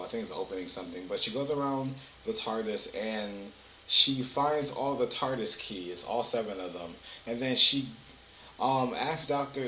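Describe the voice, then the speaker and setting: A young man talks through a TV episode in a loose, rambling way, stumbling over restarts and fillers. His voice is bright and pushed forward, a little low. The sound bounces around an echoey room. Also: a little hiss or hum. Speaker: TV episode reviewer. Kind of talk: casual episode recap.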